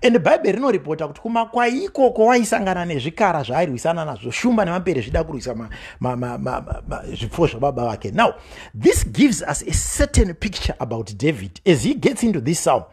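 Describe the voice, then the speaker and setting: A man preaching a sermon from home, switching between Shona and English, with rising passion and shouted calls. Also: a little high, big pitch swings, fast talker, slightly rough. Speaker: pastor.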